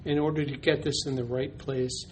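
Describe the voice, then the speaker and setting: A man's voice: medium pitch, little pitch movement, normal speed, darkish tone. A man giving an instructional demonstration of a classroom teaching method, explaining step by step with frequent ums and uhs. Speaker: teacher educator. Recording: noisy recording.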